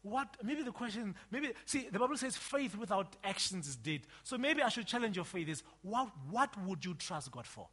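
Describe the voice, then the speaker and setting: A man preaching a sermon, emphatic, swinging between loud outbursts and quiet asides. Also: sits high, big pitch swings, moderate pace, few pauses, breathy edge.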